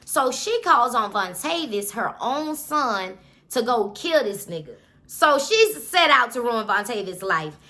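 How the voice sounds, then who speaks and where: Chatty woman recapping a book, cussing a lot, bright and high. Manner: animated, cussing, chatty asides. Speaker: book reviewer. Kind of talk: casual story recap.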